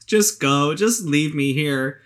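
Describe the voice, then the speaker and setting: A game master voicing a despairing, drunk, cursed young woman who talks in a halting, self-pitying way and repeats her words. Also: mid-range voice, animated, voice pushed up.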